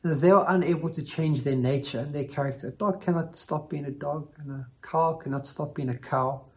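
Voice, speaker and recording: A man's voice: on the high side, fairly even intonation, fairly quick. Earnest man preaching a sermon. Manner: earnest, emphatic, repeats phrases for stress.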